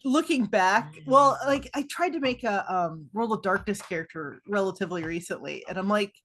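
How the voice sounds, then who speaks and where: A woman's voice: medium pitch, lively intonation, normal speed, fairly bright tone. A woman in her forties, a game designer guest, chatting casually and laughing at herself often. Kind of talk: casual interview chat.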